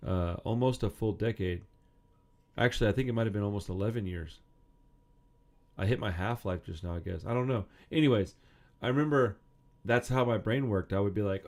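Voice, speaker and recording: A man's voice: lowish voice, fairly quick, long pauses. A man in his thirties giving casual, rambling commentary, reading out quotes from a magazine article with frequent swearing. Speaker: punk music video host.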